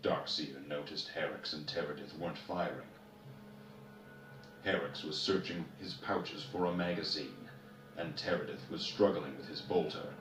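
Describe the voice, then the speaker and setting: Male storyteller with a very deep voice, giving steady, unhurried narration in an echoey room. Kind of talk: story reading. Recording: roomy, distant, noisy ambience.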